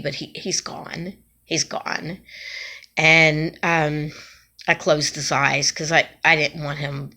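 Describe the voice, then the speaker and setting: A middle-aged woman, once a nursing home chaplain, telling a personal story in a halting, emotional way, with many restarts. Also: sits low, bright, forceful tone.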